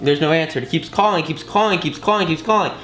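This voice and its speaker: A man's voice: on the high side, quick pace, a bit bright, roomy sound, faint music behind. A man giving a casual, enthusiastic course lesson, talking in slangy bursts with many fillers and restarts. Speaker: course instructor.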